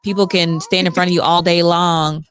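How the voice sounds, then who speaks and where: A woman's voice: fairly low pitch, little pitch movement, normal speed, slight background noise. A woman with the guest in a studio, chatting appreciatively and loosely with many fillers. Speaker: companion of the guest. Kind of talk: casual interview chat.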